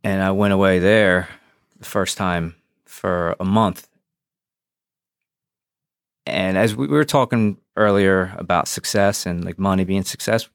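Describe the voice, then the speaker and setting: A man with a low voice tells his story frankly and without polish, swearing and re-enacting old conversations. The sound is close and dry, with no room around it. He sounds like a guest speaking openly on a podcast. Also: clear, resonant tone, no room sound. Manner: frank and profane, re-enacts dialogue. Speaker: podcast guest, former police officer. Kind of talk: candid personal storytelling.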